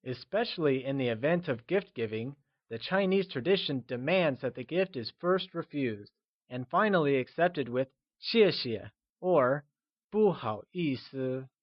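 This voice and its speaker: A man narrating a scripted language lesson, modeling words slowly and praising the learner's attempts. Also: on the high side, dry recording, muffled recording. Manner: slow, careful pronunciation drills with upbeat praise. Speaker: language teacher.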